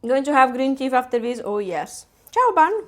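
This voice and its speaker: A woman hosts a relaxed live cooking stream. Her voice sits high, and she chats loosely with viewers, giggling often at her own cooking. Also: moderate pace. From Italy. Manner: chatty and giggly, laughs often at herself. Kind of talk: casual live-stream chat while cooking. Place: home kitchen.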